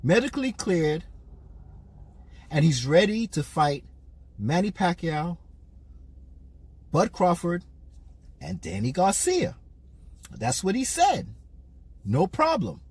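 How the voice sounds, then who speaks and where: Man, boxing vlogger, casual rant, husky voice, swooping pitch, rhetorical questions. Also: slow, pauses often, no echo. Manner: animated, repeats himself, asks rhetorical questions. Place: in a car while parking.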